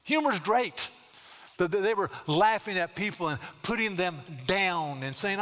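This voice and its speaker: In a church sanctuary, a middle-aged male pastor delivers an earnest, animated sermon in a bright, forceful, fairly high voice. He slows on key lines and doubles his words, while long reverb trails each phrase.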